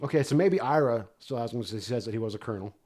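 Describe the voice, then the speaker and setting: A man riffs on a film's plot holes in casual podcast chat. He jokes and swears freely, and his voice has an ordinary middle pitch. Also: expressive, racing, a little mellow. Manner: joking, sweary, laughs along. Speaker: podcast co-host.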